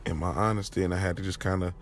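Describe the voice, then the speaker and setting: A man narrating a first-person audio drama in a conversational, halting way, with restarts. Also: deep voice, steady tone, slight background noise.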